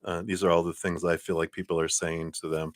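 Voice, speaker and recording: A man giving a live-streamed tarot reading, reflective and unhurried, with many "you know"s and soft laughs. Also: low-pitched, flat delivery, slight background noise. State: sucking a cough drop, clearing throat. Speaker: tarot card reader.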